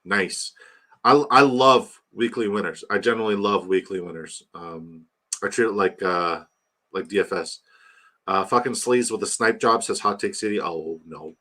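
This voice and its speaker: A young man hosting a live fantasy football draft stream, rambling and joking as he shouts out viewers by name. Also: lowish voice, normal speed. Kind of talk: casual live-stream chat.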